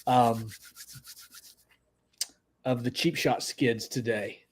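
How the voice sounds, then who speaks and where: A man hosting a casual livestream, chatting and greeting viewers by name with excitable energy. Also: medium pitch, extremely slow, slight background noise. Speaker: livestream host.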